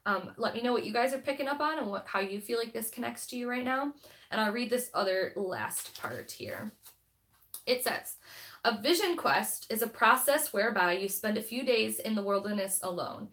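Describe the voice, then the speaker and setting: A woman's voice: a little high, lively intonation, normal speed, fairly bright tone. A woman hosting a spiritual live stream, chatting casually with viewers in a rambling, think-aloud way and reading passages aloud.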